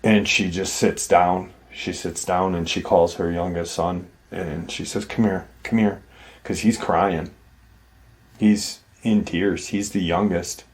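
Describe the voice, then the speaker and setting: Slow, deep-voiced man retelling a story. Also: little pitch movement. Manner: conversational, acts out quoted dialogue with many "like" and "you know". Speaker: host retelling a viewer's encounter. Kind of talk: casual spoken retelling of a paranormal account.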